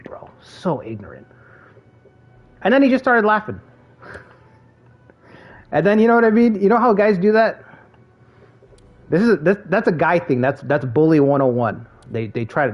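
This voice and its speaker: Animated, swearing male game streamer. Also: fairly high pitch. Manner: animated storytelling, swears freely. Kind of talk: casual gaming stream chat. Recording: dull lo-fi stream audio with faint game music.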